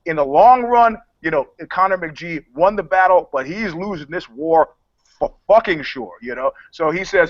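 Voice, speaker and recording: A man co-hosting a casual, profane sports podcast, an animated storyteller who acts out the people in his stories. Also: on the high side, moderate pace, no echo, muffled recording. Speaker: podcast co-host, MMA pundit. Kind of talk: casual, profane chat, acting out the other side of a dispute.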